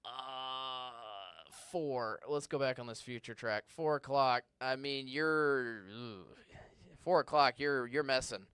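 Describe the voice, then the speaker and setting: A man's voice: medium pitch, slow pace, fairly bright tone, clear, resonant tone, dry recording. A male TV meteorologist in a studio, answering viewer questions in a live, conversational weather broadcast and sometimes stumbling over words. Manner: stumbles and restarts when searching for words. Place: TV station studio.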